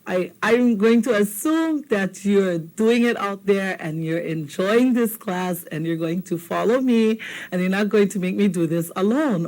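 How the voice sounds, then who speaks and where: A middle-aged woman with a mid-range, slightly mellow voice teaches a language lesson slowly and patiently. She drills vowel sounds and coaxes viewers to repeat after her. The audio quality is poor.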